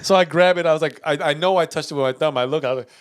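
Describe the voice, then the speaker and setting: A man's voice: a little high, rapid-fire. A young man co-hosting a podcast, telling a story in casual, profane chat and acting out the dialogue. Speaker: podcast co-host.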